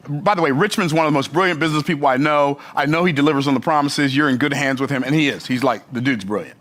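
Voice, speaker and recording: A man's voice: mid-range voice, fast talker, hardly any pauses. A man who is a business coach, telling a story in a motivational speech and acting out the other people in it. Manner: animated, acts out the other people in his story.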